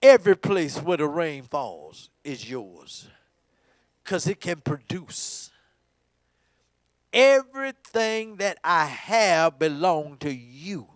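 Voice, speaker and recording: A man preaching a sermon in church, swinging from hushed talk to shouting, repeating words for emphasis. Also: on the high side, very animated, slow, dry recording. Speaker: pastor. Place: church sanctuary.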